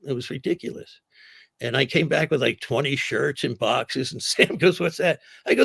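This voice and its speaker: Gravelly male raconteur, mid-pitch, dry booth sound, tells stories with voices. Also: normal speed, a bit bright, dry recording. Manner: gravelly, dry storyteller acting out other people's lines. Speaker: comedian telling stories. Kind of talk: casual storytelling.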